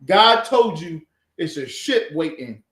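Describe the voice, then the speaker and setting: A man leading an informal scripture class, talking in a mocking, animated, slangy way. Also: a little high, slow pace. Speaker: class leader. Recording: echoey room.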